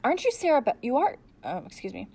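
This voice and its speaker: A woman reading aloud and voicing a pushy woman television reporter who talks brightly and insistently. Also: fairly high pitch, very animated, quick pace, gravelly, voice pushed up, exaggerated voice.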